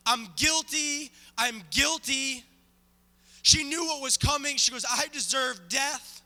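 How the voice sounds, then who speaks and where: High-voiced male guest preacher, dramatic storyteller, booming church hall. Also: sharp tone. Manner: dramatic, acts out the story with volunteers. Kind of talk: sermon storytelling. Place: church sanctuary.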